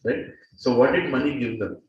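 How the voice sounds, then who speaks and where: A man's voice: medium pitch, lively intonation, normal speed, lo-fi sound. Indian guy teaching a class, keeps asking the room stuff, chuckles, far from the mic, big echo. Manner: questions the audience, laughs often. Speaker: spiritual teacher. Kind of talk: lecture to a class. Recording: echoey hall from far off.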